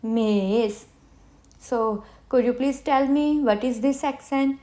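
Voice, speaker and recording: A woman teaching a beginner French lesson, who slowly repeats each word for her students. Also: fairly high pitch, fairly even intonation, warm tone. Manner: slow, repeats words for students to hear.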